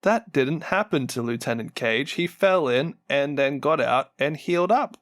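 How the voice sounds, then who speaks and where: A man co-hosting a podcast, retelling game lore in casual, animated chat and laughing often. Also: on the high side, normal speed, dry recording, studio quality. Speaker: podcast co-host.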